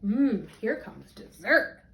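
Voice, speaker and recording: A woman reading a children's story aloud, voicing a sly, smooth-talking hungry male wolf with oily, mock-polite manners. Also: a little high, big pitch swings, slow, echoey room, pitched below the performer's own voice, full character voice.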